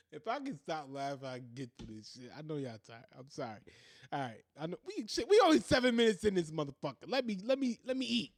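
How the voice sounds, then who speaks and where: A man talks through a casual podcast monologue, swearing freely and often cracking up. His voice sits a bit high and swings in lively leaps. The recording is dry, with no room sound. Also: a little fast, no room sound. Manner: profane, keeps breaking into laughter. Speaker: podcast host.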